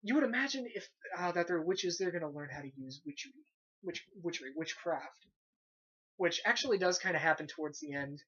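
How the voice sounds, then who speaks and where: An animated, sarcastic young man riffs through a casual movie review, swearing offhandedly as he mocks what he watched. The sound is dull and lo-fi. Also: fairly high pitch, fairly quick, slightly rough. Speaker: movie reviewer, site host.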